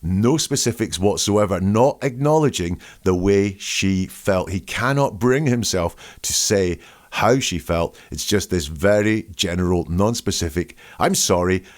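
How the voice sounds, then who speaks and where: Host, male, fairly low voice; emphatic analytical commentary, dissects wording line by line. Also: measured pace. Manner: emphatic, dissecting phrases word by word.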